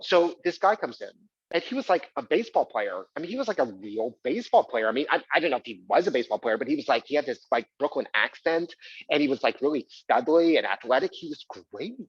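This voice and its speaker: A man telling his own story in a solo stage monologue, stopping and restarting with lots of fillers. His voice sits in a middle pitch. The sound is dull and dry. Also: sing-song, quick pace, slightly rough, no room sound.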